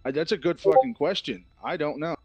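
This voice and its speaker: A man's voice: on the high side, big pitch swings, fairly quick, darkish tone, slightly rough, no echo, soft background music. A man playing a tabletop role-playing game, talking bluntly in character and swearing often. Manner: blunt, profane, urgent. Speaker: player.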